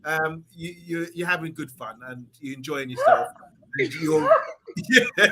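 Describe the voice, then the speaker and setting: A man signing off as a panel guest, giving shout-outs and thanks while laughing. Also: fairly high pitch, huge pitch swings, a little slow, gravelly, slight background noise. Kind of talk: casual sign-off on a live stream.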